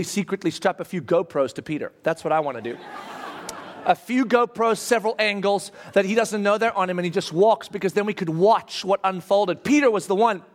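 A man preaching a sermon, telling a story in a lively, conversational way. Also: sits high. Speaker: pastor.

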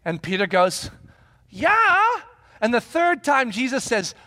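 High-voiced man preaching a sermon. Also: moderate pace. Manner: animated storytelling with rhetorical questions; acts out quoted dialogue. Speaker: pastor.

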